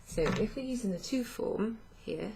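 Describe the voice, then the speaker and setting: A woman's voice: mid-range voice, lively intonation, moderate pace, gravelly, dark tone, slight background noise. A woman teaching a French lesson, explaining patiently with fillers and self-corrections. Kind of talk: online language lesson.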